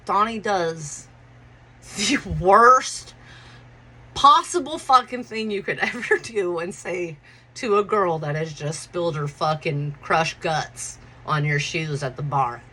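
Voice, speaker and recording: A woman in her forties telling a personal story in a loose, profane, animated way, acting out what people said. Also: lowish voice, takes it slowly, rough recording. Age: 40s. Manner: profane, animated, acts out quotes. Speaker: podcast host. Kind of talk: casual storytelling.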